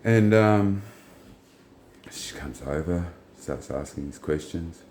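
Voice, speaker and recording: Very deep-voiced blunt man. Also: slow pace, roomy sound, slight background noise. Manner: blunt, profane, rambling, retells dialogue in flat quotes. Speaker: vlogger. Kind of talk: casual storytelling monologue.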